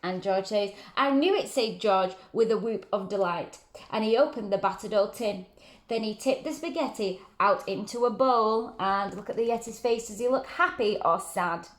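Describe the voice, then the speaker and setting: Woman reading a children's story, gentle and encouraging, echoey room. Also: medium pitch, normal speed. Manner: gentle, encouraging questions to listeners. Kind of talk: reading a picture book aloud to children. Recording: roomy echo.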